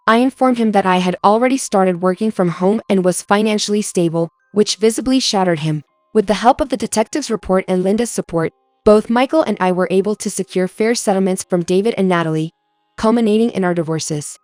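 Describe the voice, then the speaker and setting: A woman narrating a scripted first-person story in an even storytelling manner. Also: medium pitch, no room sound.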